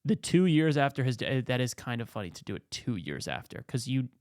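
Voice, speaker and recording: Brief: excitable male host doing comedic commentary, gravelly voice. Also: mid-range voice, fast talker, few pauses, no echo, studio quality. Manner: excitable, jokey riffing.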